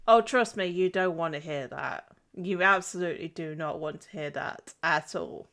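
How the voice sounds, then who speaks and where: A woman's voice: lowish voice, normal speed, a bit bright. Girl streaming her drawing, giggly and chatty, stuffed up with a cold. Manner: giggly, chatty, self-deprecating. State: has a cold. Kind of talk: casual live-stream chat while drawing.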